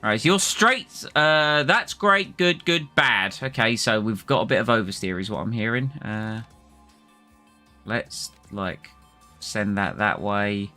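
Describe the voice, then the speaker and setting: A man's voice: fairly low pitch, measured pace, bright, forceful tone, faint music behind. A man streaming a racing management game, chatting casually and reacting aloud to the game and his chat. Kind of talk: casual live-stream commentary.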